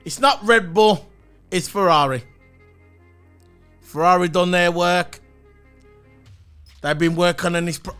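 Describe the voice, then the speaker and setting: A man's voice: sits high, vocal fry, bright, forceful tone. A man giving a blunt, opinionated solo review of a race, swearing and repeating his points. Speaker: motorsport commentator.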